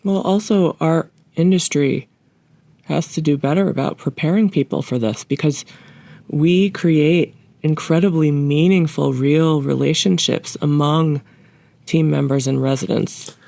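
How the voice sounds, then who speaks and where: A man's voice: a little high, steady tone, unhurried, gravelly, dark tone, no echo. A man hosting a podcast interview, asking questions and affirming his guest. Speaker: podcast host.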